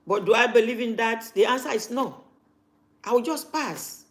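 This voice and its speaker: A woman's voice: on the high side, moderate pace. A woman, talking casually to camera as a vlogger and repeating her points for emphasis.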